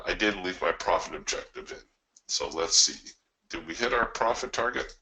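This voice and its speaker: Man, trading coach, live webinar, conversational, storytelling, forceful tone. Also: deep voice, rough recording. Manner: conversational, explains with stories, addresses listeners directly.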